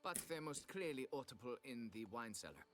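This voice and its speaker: An actor playing a pompous, condescending aristocrat who owns a vineyard, in video game voice acting. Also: male voice, mid-range voice, big pitch swings, brisk, music in the background, lightly acted. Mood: haughty. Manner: haughty, fussy and condescending.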